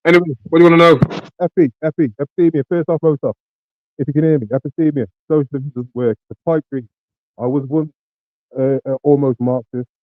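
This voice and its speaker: A man's voice: on the high side, steady tone, brisk, no echo. A British man on a call, talking in loose, slangy chat full of swearing and ums. The line is dull and lo-fi, and the voice sits dry and close. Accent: British English. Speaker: caller.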